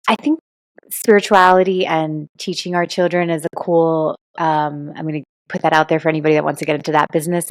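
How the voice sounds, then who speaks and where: A Cuban-American woman, a guest on a podcast, chatting casually and telling animated stories with plenty of fillers. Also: low-pitched, vocal fry, no room sound. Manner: animated storyteller, many fillers. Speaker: guest, intuitive reader and author.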